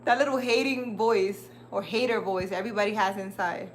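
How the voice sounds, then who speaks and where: A woman's voice: mid-range voice, normal speed, hardly any pauses, slight background noise. A woman hosting a casual livestream, rambling and chatty as she talks straight to her viewers. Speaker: livestream host.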